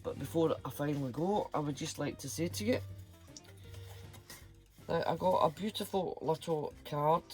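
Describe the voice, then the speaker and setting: A man's voice: fairly high pitch, moderate pace, pauses often, a little mellow, soft background music. A Scottish man chatting casually to camera as a vlogger, dropping Scots slang words as he talks.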